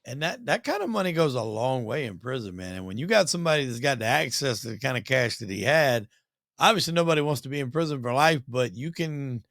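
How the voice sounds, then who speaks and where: A man's voice: medium pitch, animated, fast talker, creaky, fairly bright tone. A man hosting an interview, talking in a blunt, casual way and swearing freely. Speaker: host.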